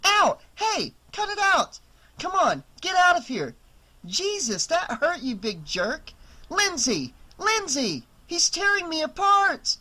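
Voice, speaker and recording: A narrator voicing a brash, teasing teenage girl who talks loud and crude. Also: mid-range voice, lively intonation, unhurried, voice pushed up. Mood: shrieking. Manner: loud, brassy and mocking.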